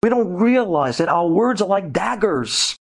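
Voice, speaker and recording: A man with a somewhat high voice delivers a rabbi's storytelling lecture. He speaks directly to the women listening and dramatizes every story, leaping up in pitch to act out the people in it. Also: expressive, a little slow, vocal fry. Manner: dramatic, acts out quoted voices with big pitch leaps.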